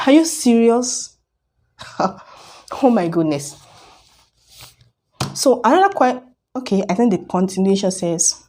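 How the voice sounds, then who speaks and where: A woman's voice: medium pitch, dark tone. Argumentative woman vlogger. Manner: argumentative, fires rhetorical questions. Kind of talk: casual opinion rant to camera.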